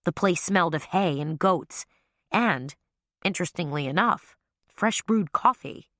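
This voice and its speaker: A woman narrating an audiobook with lively storytelling. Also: lowish voice, a little slow, dry recording, studio quality. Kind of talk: scripted narration.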